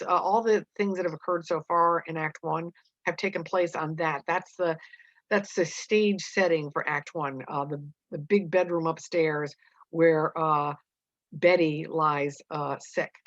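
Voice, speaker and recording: A woman teaches a play to homeschoolers, reading it aloud and explaining in plain words with frequent fillers. Her voice is low for a woman. The recording is dull and dry, with no room sound. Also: dry recording. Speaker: literature teacher.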